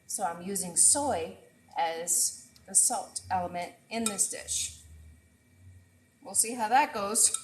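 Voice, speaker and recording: A woman's voice: mid-range voice, a little slow, roomy sound, a little hiss or hum. A woman chef hosting a casual cooking livestream, chatting straight to her viewers while she cooks, on an earbud mic in a home kitchen. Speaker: chef and host.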